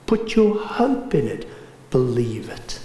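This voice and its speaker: A man preaching a sermon. He tells a story with dramatic swings between raised and hushed delivery. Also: medium pitch, very animated, takes it slowly. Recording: roomy echo.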